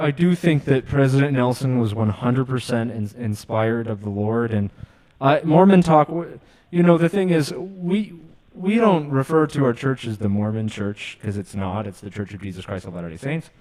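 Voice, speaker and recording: A man's voice: medium pitch, moderate pace, darkish tone, poor audio. Earnest, apologetic male talk host. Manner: earnest and apologetic, with nervous laughs. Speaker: radio show host. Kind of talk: call-in show hosting.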